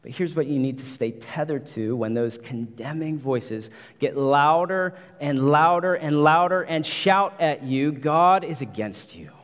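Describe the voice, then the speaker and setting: A man's voice: medium pitch, in a large hall. A man preaching a sermon as pastor, emphatic, repeating phrases and building intensity.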